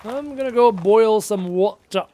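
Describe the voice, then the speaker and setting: There's a warm, unhurried quality to this high-voiced streamer in his late 20s as he chats through a live gameplay session. He responds aloud to chat questions and jokes at his own expense, his voice wearing thin.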